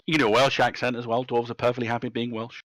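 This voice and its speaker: A man running a tabletop game as game master, narrating and chatting in an animated way on a live stream. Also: mid-range voice, very fast. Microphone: close mic, live stream.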